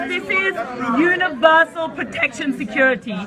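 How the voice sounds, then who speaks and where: A woman confronting people at a public meeting, repeating accusations, shouting and laughing sarcastically. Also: very high-pitched, expressive, fairly quick, crowd noise. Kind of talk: heated street confrontation.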